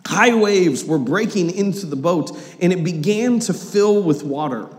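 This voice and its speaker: High-voiced pastor in an echoing hall. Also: male voice, a little slow. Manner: animated storytelling, acting out quotes with humor. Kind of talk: sermon. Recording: long reverb of a large hall.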